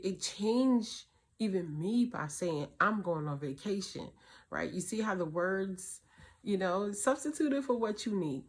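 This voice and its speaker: A woman's voice: medium pitch, darkish tone, husky. A middle-aged woman hosting a casual advice talk for single mothers, telling stories and acting out her kids' voices and her own. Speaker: host.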